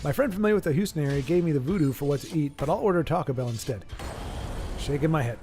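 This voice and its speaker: A man hosts a live stream of card games from home, talking in a fairly high voice. He jokes and rambles with his viewers, often stuttering over the same word before getting it out. Quiet game music plays behind him. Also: lively intonation, quick pace. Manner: joking, rambling, stammers and repeats words. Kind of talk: casual live-stream commentary and chat.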